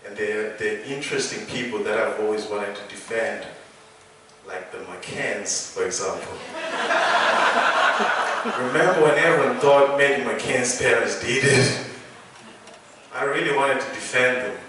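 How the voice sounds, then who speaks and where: A young man from England doing a stand-up comedy routine, animated, with loud punchlines and laughing at his own jokes. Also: medium pitch, a little slow, pauses often, slight background noise. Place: small theatre stage. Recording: echoey theatre, mic from a distance.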